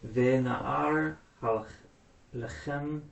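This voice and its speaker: A man student in a language class, haltingly sounding out a line of text. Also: medium pitch, creaky, reverberant, distant mic, highs cut off. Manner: halting, sounds out words slowly.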